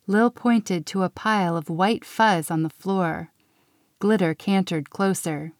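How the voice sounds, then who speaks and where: Woman narrator, children's story read-aloud, slow gentle pacing, dry close sound. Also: fairly low pitch, dry recording.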